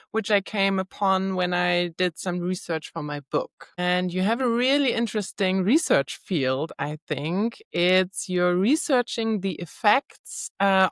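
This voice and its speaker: A woman's voice: mid-range voice, no room sound, studio quality. A middle-aged woman with a German accent, a native German speaker, hosting a casual podcast interview in English, eager and saying "really" a lot. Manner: eager, repeats "really" often. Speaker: podcast host.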